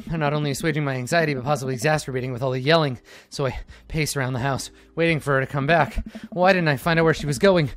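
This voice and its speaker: A man reading a dating-sim game aloud for laughs, animated and jokey, swinging between loud outbursts and mumbled asides. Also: on the high side, slight background noise. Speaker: let's-play gamer. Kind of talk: comedic game read-through.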